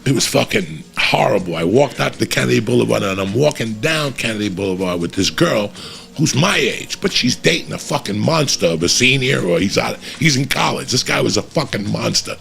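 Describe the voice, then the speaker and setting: Gravelly profane man telling a story. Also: medium pitch, a little fast. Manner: profane, animated, acts out voices in his stories. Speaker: comedian storyteller. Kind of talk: casual storytelling.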